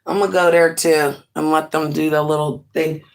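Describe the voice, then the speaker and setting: A woman in her forties chatting live to her viewers from home, animated and quick to laugh. Her voice sits a little low for a woman, and she shifts between easy rambling and playful asides to the chat. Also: creaky. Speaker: livestream host. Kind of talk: casual livestream chat.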